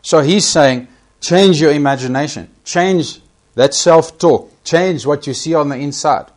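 A man's voice: a little high, unhurried. A man preaching a sermon, emphatic, repeating key phrases and rising sharply when he quotes scripture.

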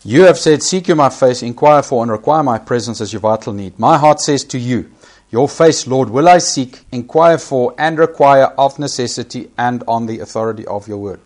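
A man's voice: medium pitch, normal speed, darkish tone. A man preaching a sermon, emphatic, repeating key phrases and rising sharply when he quotes scripture.

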